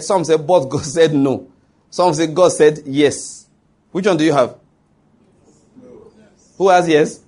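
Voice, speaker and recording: A man's voice: on the high side, darkish tone. A middle-aged Nigerian man, a pastor preaching a sermon with emphasis and quizzing his congregation. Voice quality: husky.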